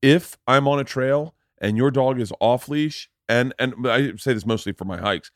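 A middle-aged man talks as a podcast host in casual chat. He is animated and profane, and his pitch jumps when a story builds. The sound is dry and close, with no room around it. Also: normal speed, dry recording.

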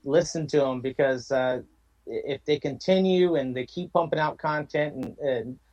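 A man's voice: a little high, moderate pace, darkish tone, highs cut off. A man hosting a podcast, chatting casually, joking and teasing his guests. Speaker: podcast host. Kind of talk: casual chat.

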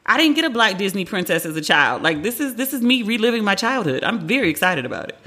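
A woman in her forties hosts a pop culture podcast in a loose, candid way. She swears freely and acts out what other people said. Her voice is bright and forceful, at an average pitch. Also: very animated, fast, slightly rough. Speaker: podcast host. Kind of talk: casual pop culture commentary.

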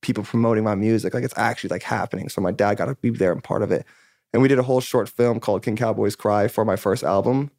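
A young man from California talks very quickly in a loose, rambling way. He fills his speech with "like" and curses, and he acts out his own past conversations. The sound is dry and close, with no room echo. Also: fairly low pitch, fairly even intonation, a little mellow. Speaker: musician guest. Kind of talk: candid casual chat.

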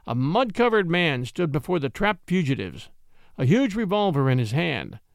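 A man narrating an old-fashioned story in a measured, expressive way. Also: fairly high pitch, gravelly, no room sound, clean studio sound.

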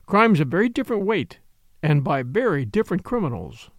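A man voicing a small, earnest older priest who speaks gravely and pleads intensely. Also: on the high side, very animated, brisk, no room sound, studio quality.

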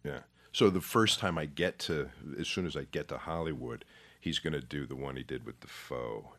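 A man's voice: rumbling low, normal speed, fairly bright tone. A middle-aged man, an actor being interviewed, telling stories in a rambling, self-deprecating way. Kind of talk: casual interview chat.

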